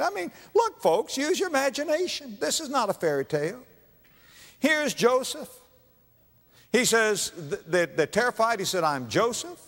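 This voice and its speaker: A man preaching a sermon, dramatic, swinging from hushed tones to loud exclamations in a church. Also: high-pitched. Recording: long reverb of a large hall.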